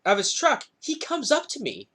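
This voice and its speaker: A man's voice: very high-pitched, normal speed. Young guy podcast host, cussing a lot, voice jumps all over telling a story. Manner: profane, animated storytelling. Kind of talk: casual chat.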